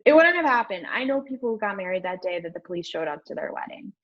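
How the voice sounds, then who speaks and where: A young woman guest telling a candid story in an interview, rambling and animated, filling her speech with "like". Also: lowish voice, quick pace. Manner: rambling, animated, heavy use of "like". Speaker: podcast guest. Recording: dull lo-fi audio.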